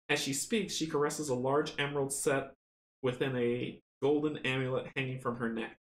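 A man casually running a board game playthrough, chatty and excitable, counting dice rolls aloud. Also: medium pitch, measured pace. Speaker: tabletop game runner and player. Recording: roomy echo, faint noise.

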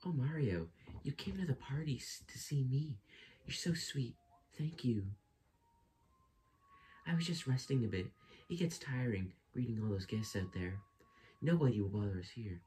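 A man voicing a gentle young princess in a game, in a soft, raised, breathy voice. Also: mid-range voice, expressive, normal speed, long pauses, a little hiss or hum, pitched above the performer's own voice, close to an everyday voice. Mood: sweet.

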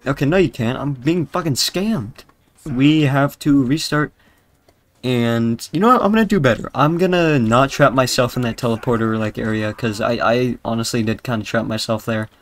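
A man's voice: mid-range voice, normal speed. Young man, British accent, gameplay commentary, crude, rambling, jokey. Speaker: gaming YouTuber.

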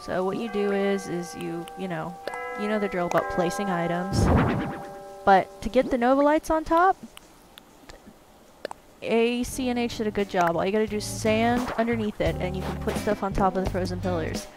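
A woman's voice: medium pitch, moderate pace, loud music behind the voice. A woman hosting a gaming video, chatting casually and rambling upbeat while she plays. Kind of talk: casual gameplay commentary.

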